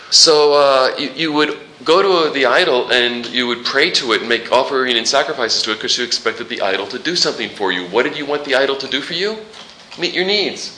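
Male pastor, animated and jokey sermon delivery, bright tone, roomy reverb. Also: mid-range voice, a little hiss or hum. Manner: animated, jokey preaching with rhetorical questions.

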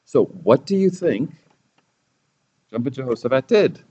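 A man's voice: medium pitch, big pitch swings, a little slow, mellow, husky, dull audio. A man teaching a Bible lesson sermon-style, sarcastic and theatrical, raising his voice for the quoted lines.

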